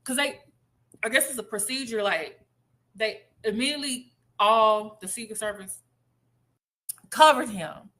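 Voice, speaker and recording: A woman's voice: fairly high pitch, unhurried, long pauses, bright, forceful tone. A woman giving a casual, chatty commentary monologue, telling a story animatedly and acting out quotes.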